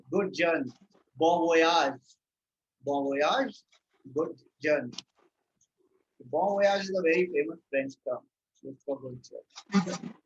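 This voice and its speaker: A man teaching a live online French lesson, patiently repeating words slowly for his students. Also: fairly high pitch, husky, lo-fi sound.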